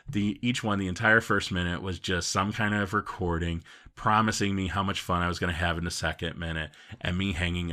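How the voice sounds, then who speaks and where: A man with a very deep, gravelly voice tells a comic story from his own life. His delivery rambles and he mocks himself, with a bright, forceful edge on the sound. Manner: rambling, self-mocking, full of fillers.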